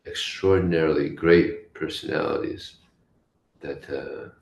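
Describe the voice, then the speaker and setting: A man teaching a scripture class, telling stories in a halting way with restarts. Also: very deep voice, steady tone, gravelly. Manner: halting, with restarts and story voices. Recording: echoey room, faint hiss.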